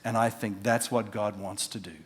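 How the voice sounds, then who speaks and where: A man, a pastor preaching a sermon, telling stories and acting out the quotes, dropping from loud to hushed. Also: on the low side, steady tone, moderate pace. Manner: storytelling with acted-out quotes, swinging from loud to hushed.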